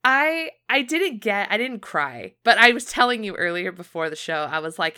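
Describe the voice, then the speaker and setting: A young woman chats casually as a podcast co-host, telling a story full of fillers and quoted lines. Her voice is bright and forceful, with a smooth, crisp clarity. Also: mid-range voice, big pitch swings, normal speed, few pauses. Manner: chatty storytelling, many fillers, acts out quotes. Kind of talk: casual chat.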